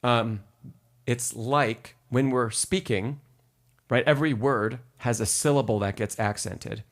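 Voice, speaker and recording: In a live-stream piano lesson, a man with a mid-range, unhurried voice patiently explains rhythm, counts the beats aloud, and answers questions from chat.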